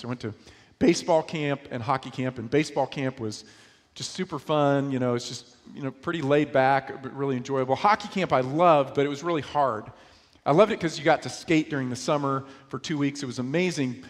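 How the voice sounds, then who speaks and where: A man's voice: fairly high pitch, in a large hall. A man from New York preaching a sermon in a conversational way, often asking his listeners rhetorical questions. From New York, USA. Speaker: pastor.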